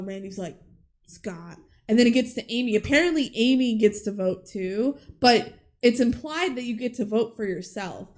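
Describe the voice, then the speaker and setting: A woman's voice: mid-range voice, darkish tone. A woman co-hosting a podcast, casually recapping a movie, acting out characters' lines and laughing often. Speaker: podcast co-host.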